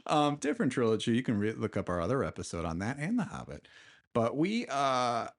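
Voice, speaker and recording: A man's voice: medium pitch, big pitch swings, fairly quick. A man co-hosting a podcast in casual chat, telling the story at length with lots of fillers. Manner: rambling, storytelling with filler words. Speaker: podcast co-host.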